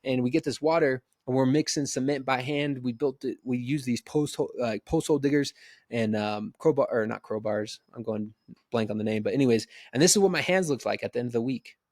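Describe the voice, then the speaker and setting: A man in his thirties giving an energetic, conversational motivational business talk, often checking in with "right?". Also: medium pitch, fairly quick, no echo, clean studio sound. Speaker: business coach.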